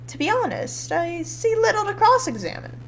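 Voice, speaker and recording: A woman's voice: very high-pitched, big pitch swings, normal speed, faint music behind, full character voice. A woman voicing a haughty male bird prosecutor, reading game dialogue in a smug, formal, lecturing way. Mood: insistent.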